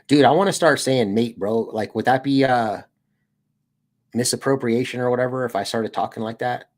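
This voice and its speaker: A young American man hosting a casual livestream rambles in a laid-back way, saying "dude" a lot. He's a streamer and channel host with a medium-pitched voice at a moderate pace.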